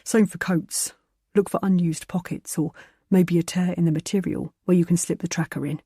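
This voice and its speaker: A woman narrator voicing a careful young man explaining a plan in a low, instructive way. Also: fairly even intonation, normal speed, warm tone, slightly rough, no room sound, studio quality. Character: careful young man, self-confessed control freak.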